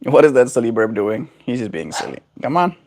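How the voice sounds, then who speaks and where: A young man chatting casually on a home livestream, his voice rising and falling freely. He drops into high sing-song baby talk when he coaxes his pet bird. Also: big pitch swings, brisk, darkish tone, slight background noise. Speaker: daily livestreamer. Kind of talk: casual chat. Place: home, indoors.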